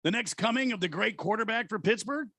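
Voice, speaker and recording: A man's voice: high-pitched, brisk, pushed and bright, no echo, clean studio sound. A man co-hosting a sports radio show, teasing and sarcastic. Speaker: radio co-host. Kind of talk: casual sports radio banter. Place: radio studio.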